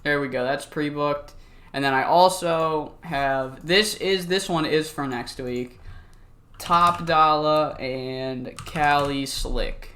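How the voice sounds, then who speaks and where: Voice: medium pitch, slow pace, a bit bright. Easygoing YouTube game commentator, loose and rambling, swears freely, laughs off mistakes.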